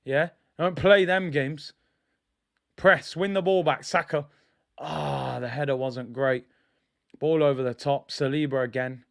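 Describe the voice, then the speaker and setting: A young man streams his own running commentary on a football match. His voice sits high for a man, and he talks straight to his viewers in slangy fan chatter. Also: measured pace, creaky. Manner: animated fan, shouts and exclaims when play goes wrong. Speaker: football watch-along streamer.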